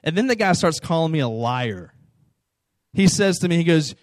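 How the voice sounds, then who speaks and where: Young man, youth pastor, slightly high voice, casual storytelling, dry recording. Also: expressive, moderate pace, dry recording. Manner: storytelling, conversational, frequent "right?". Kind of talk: youth group talk.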